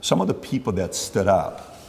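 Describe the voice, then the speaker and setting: Male podcast host, low voice, rambling and anecdotal, with a long room reverb. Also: very animated, moderate pace, creaky, darkish tone. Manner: rambling, acts out quoted dialogue. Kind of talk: conversational podcast interview.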